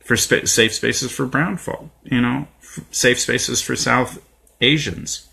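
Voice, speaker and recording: A man's voice: medium pitch, takes it slowly, vocal fry, pushed and bright, slightly rough. A man giving an impassioned, profane political monologue to his viewers, getting irate, with many fillers and repetitions. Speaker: video blogger.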